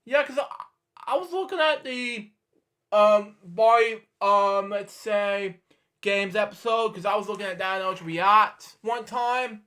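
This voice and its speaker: A man's voice: high voice, measured pace, bright, forceful tone. A man in his twenties, hosting a reaction video, rambling in casual commentary and muttering to himself while he searches. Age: 20s.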